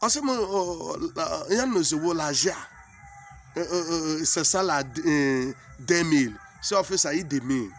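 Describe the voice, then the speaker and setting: A man from Nigeria with a Nigerian accent and an Igbo mother tongue, telling a comic story in pidgin English, animated and exclaiming, often repeating himself. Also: fairly high pitch, unhurried, soft background music.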